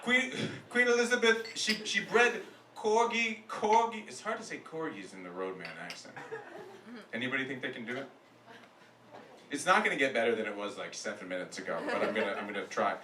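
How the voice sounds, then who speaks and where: A man's voice: lowish voice, expressive, quick pace. A man doing a live comedy roast in a club, with a loose, self-mocking delivery and bursts of laughter at his own jokes. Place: comedy club stage with audience. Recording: echoey club, from far off, noisy.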